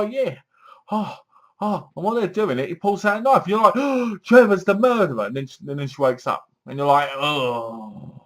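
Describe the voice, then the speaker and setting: A young man giving a casual film review, retelling the plot in a rambling, animated way full of "so basically" and acted-out quotes. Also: on the high side.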